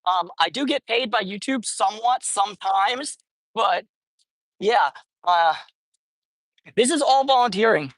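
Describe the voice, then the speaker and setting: A woman's voice: medium pitch, lively intonation, unhurried, pauses often, dry recording. Rambling woman on a dry livestream. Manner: rambling, self-correcting, chatty. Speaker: livestreamer feeding street cats. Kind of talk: casual livestream chat. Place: outdoors at a street cat feeding spot.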